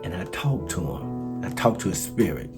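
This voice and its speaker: Animated man in his sixties. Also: low-pitched, normal speed. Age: 60s. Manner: laughs often while telling. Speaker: storyteller. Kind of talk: personal storytelling. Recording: guitar music underneath. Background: guitar music.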